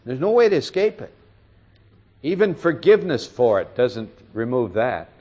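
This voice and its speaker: A man's voice: mid-range voice, big pitch swings, normal speed, slightly rough, lo-fi sound. A man preaching an expository sermon as pastor, impassioned and swelling to cries in pleading passages.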